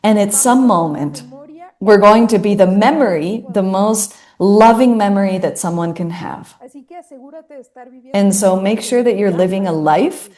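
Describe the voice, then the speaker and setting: A woman's voice: mid-range voice, unhurried, a little mellow. A woman in her thirties giving an earnest inspirational talk, repeating phrases for emphasis. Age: 30s. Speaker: speaker.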